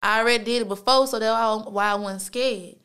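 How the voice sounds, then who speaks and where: Her pitch sits fairly high and her tone stays steady as she talks fast, sounding a bit bright, clear and resonant. She's hosting her own podcast, spinning a story in a loose, slangy monologue packed with swearing and fillers like "like" and "you feel me."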